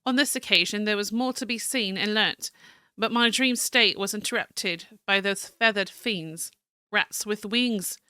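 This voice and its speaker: A woman's voice: mid-range voice, moderate pace, sharp tone, clear, resonant tone, no room sound, studio quality, natural voice. A woman voicing a stiff, proud male cartographer, reading his journal aloud in a formal, slightly fancy manner with small stumbles. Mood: musing.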